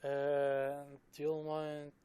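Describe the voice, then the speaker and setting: A man running a tabletop game session, casual and hesitant, muttering quiet asides as he checks his notes. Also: on the high side, completely flat delivery, very slow, clear, resonant tone, no room sound. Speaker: game master.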